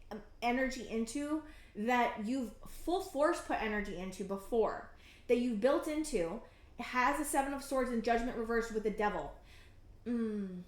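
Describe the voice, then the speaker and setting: Reading tarot cards for a pick-a-card session, this thirties-aged woman speaks in a slightly high voice that halts, restarts and circles back through fillers. Her earnestness runs emotionally intense, sometimes nearly tearful. A noticeable echo suggests a bare room.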